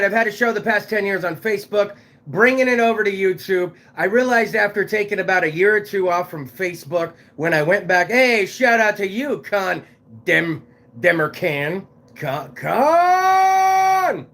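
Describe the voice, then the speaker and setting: A man hosting a casual livestream, talking in a loud, shouting way and swearing freely. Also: high voice, moderate pace. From Fresno, California. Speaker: live show host.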